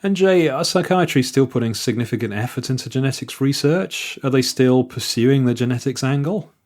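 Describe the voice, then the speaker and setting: A man hosting a podcast, asking measured, sympathetic interview questions. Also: mid-range voice, darkish tone. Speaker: podcast host.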